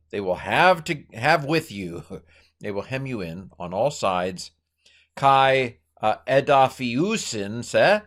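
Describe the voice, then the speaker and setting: Low-voiced man thinking aloud through a lesson. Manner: thinks aloud, halting with many fillers and self-corrections; playful asides and silly voices for grammar. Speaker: Greek teacher. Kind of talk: informal Bible language lesson.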